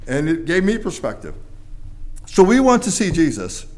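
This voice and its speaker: Preaching to a congregation at normal speed, this man's pitch swoops wildly as he builds to loud, emphatic high points and sinks to soft, low conclusions.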